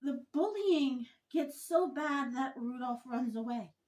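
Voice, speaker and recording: Slow, high-voiced indignant woman. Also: a little mellow. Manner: deliberate, indignant, emphatic. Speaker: vlogger. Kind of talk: opinion commentary monologue.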